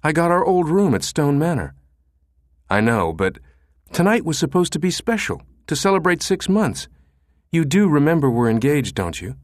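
A man's voice: medium pitch, very animated, moderate pace, darkish tone, dry recording, clean studio sound. A man voicing a young woman in an audiobook, affectionate and anxious about her fiancé. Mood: pleading.

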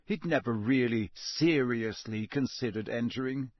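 Man narrating an audiobook, measured. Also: mid-range voice, no room sound, clean studio sound. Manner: measured, steady storytelling.

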